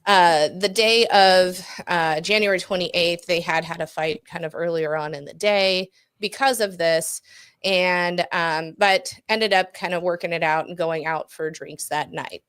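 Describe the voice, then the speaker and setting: A woman talks her way through a long story on a relaxed podcast, pausing on ums and breaking into small laughs. Her voice sits a little low, and the sound is close and dry with no room echo. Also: clear, resonant tone. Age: adult parent. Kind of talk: casual podcast chat.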